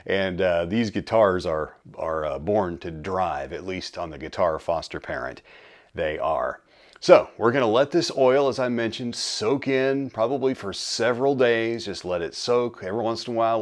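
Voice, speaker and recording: A middle-aged man with a fairly low voice hosts a relaxed workshop vlog. His pitch rises and falls freely as he talks in a folksy, unhurried way, with friendly asides and the odd filler. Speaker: channel host restoring guitars. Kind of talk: casual workshop how-to vlog.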